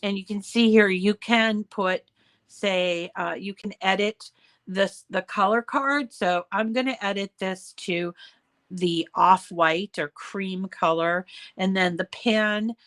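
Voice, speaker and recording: A woman with a hoarse voice hosting a casual craft tutorial, explaining steps in a chatty way with fillers and throat clearing. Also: medium pitch, takes it slowly, a bit bright. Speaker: crafting channel host.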